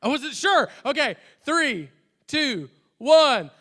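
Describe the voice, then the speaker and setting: A high, bright-voiced man leading a youth service, chatty and prone to restarts. His words ring out with a long reverb from a large church hall. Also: normal speed. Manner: chatty, restarts often, jokes self-deprecatingly. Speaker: youth pastor. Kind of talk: youth service announcements and prayer.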